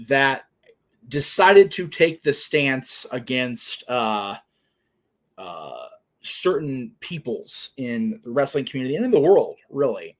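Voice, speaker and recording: Middle-aged male host, home office live stream, rambling, blunt, mid-pitched voice. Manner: rambling, many fillers, blunt and indignant. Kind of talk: casual live-stream chat.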